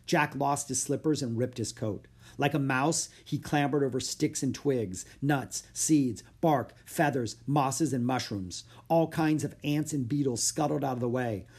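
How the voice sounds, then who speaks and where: Male storybook reader, middle pitch, measured delivery, leans into suspense. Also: darkish tone, breathy edge. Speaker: audiobook reader. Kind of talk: scripted narration.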